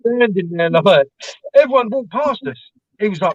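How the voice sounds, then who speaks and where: Male co-host, higher-voiced storyteller, lo-fi dry call audio. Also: lively intonation, moderate pace, no echo. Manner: rambling, laughing anecdotes with mimicked dialogue. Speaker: co-host of a live stream. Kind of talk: casual storytelling chat. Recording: dull lo-fi dry stream audio.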